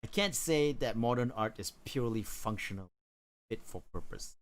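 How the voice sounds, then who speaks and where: A man streaming while he draws, chatting casually and rambling, with hesitant pauses and chuckles. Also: medium pitch, lively intonation. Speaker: livestreamer drawing on stream. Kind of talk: casual chat while drawing.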